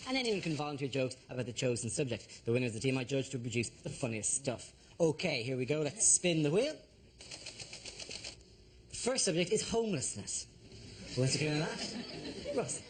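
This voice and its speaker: A man hosting a comedy panel show in a TV studio, briskly announcing the rounds. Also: a little high, expressive. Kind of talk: scripted game show hosting. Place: TV studio with live audience. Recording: loud audience noise behind.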